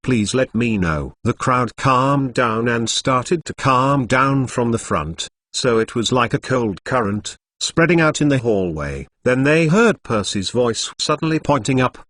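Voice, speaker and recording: Man, storybook narration, plain reading, lively pitch, dry sound. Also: unhurried, few pauses, no room sound. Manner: reads plainly through a rough translation.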